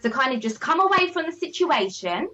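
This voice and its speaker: A woman's voice: high-pitched, a little fast, noisy background. A woman, a business coach, talking emphatically in a motivational conversation and checking in with "all right?", on slightly muffled lo-fi audio. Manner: animated, emphatic, repeats "all right?" and "okay?".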